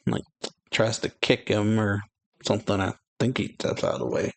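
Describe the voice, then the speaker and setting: A man hosting a reaction channel, casually reading and commenting on a manga chapter, relaxed and laughing often with loose fillers. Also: fairly low pitch, normal speed, gravelly, dry recording.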